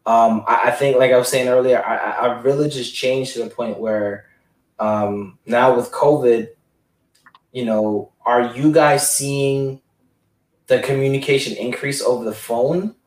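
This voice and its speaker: A man's voice: mid-range voice, steady tone, a little slow. A man caring for his father, telling rambling stories in a casual group chat and acting out the voices he quotes. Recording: roomy, distant mic.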